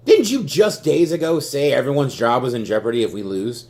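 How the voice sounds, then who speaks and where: A man's voice: mid-range voice, expressive, fairly quick, few pauses, darkish tone. A young man ranting furiously about his team, swearing constantly and stammering as he repeats himself. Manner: stammers and repeats words when worked up. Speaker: sports fan vlogger. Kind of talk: angry fan rant.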